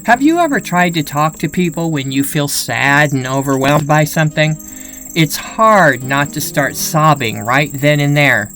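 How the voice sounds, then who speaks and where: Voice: mid-range voice, animated, a little slow, a bit bright, faint music behind, poor audio. A channel host narrating voice-over commentary in an earnest, explanatory manner.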